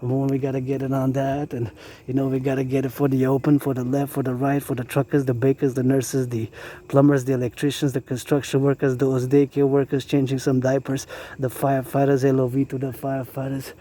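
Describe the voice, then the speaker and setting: A man's voice: medium pitch, monotone, a little fast, dark tone. A man leading a chanted marching cadence in rhythmic, sing-song loose rhymes, breaking off now and then into loose asides.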